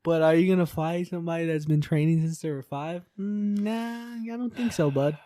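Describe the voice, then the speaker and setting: A man's voice: fairly high pitch, moderate pace, warm tone, a little hiss or hum. A young man co-hosting a podcast, chatting casually in a joking, teasing, rambling way. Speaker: podcast co-host. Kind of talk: casual chat.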